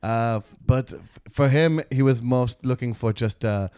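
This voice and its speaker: A man playing a washed-up, self-deprecating aging boxer in an improvised comedy interview, hesitant and deadpan with many filler pauses. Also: medium pitch, clean tone, no room sound, studio quality, lightly acted.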